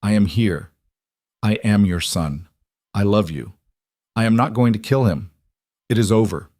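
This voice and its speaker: A man voicing a hardened young mafia boss in an audiobook, speaking in halting, restrained phrases. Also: fairly low pitch, darkish tone, dry recording, studio quality, lightly acted. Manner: halting, restrained, holding back tears. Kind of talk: audiobook dialogue reading.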